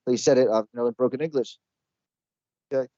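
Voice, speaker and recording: An American man co-hosting a podcast, talking rapidly in casual, rambling chat with offhand swearing. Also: mid-range voice, fairly even intonation, mellow, no echo, muffled recording. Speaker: podcast co-host.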